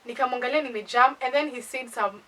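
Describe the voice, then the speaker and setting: A young woman with a Kenyan accent telling a casual storytime, animated and indignant. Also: high voice, fast. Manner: animated, indignant, code-switching. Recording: voice distant from the mic.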